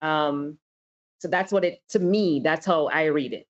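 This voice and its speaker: A woman with a very low, deep voice talks candidly on a casual podcast panel, telling stories from her own life and laughing easily. The recording is a little dull and lo-fi. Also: unhurried. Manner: candid, storytelling, laughs often. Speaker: podcast co-host. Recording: slightly dull lo-fi sound.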